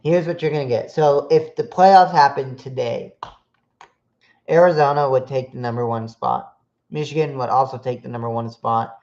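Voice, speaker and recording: A man's voice: mid-range voice, steady tone, normal speed, darkish tone. A man hosting a solo sports podcast stream, reading off team matchups with frequent fillers and restarts. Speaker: podcast host. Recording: dull lo-fi sound.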